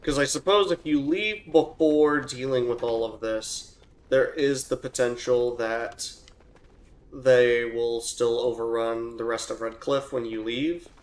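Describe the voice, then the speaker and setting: A young let's play gamer casually comments on his own gameplay in a mid-range voice, talking a little slowly. He thinks out loud and restarts his sentences, then gets loud and excitable whenever a fight breaks out.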